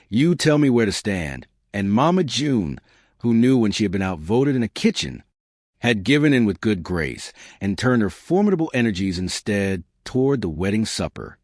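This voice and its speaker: A man narrating a scripted western story in a measured, unhurried way. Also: lowish voice, no room sound, studio quality.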